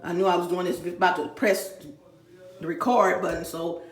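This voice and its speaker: A woman's voice: lowish voice, steady tone, moderate pace. Heated, profane Texan woman in an echoey room. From Dallas, Texas. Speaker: YouTuber. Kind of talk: emotional vlog rant. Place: home room.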